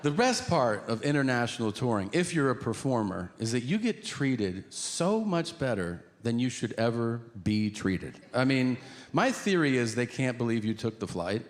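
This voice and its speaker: A man's voice: mid-range voice, normal speed. A man performing a stand-up routine on stage, telling stories in a profane way and acting out the people in them. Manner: animated, profane storytelling with acted-out quotes. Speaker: stand-up comedian. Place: large hall on stage. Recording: reverberant hall with audience noise.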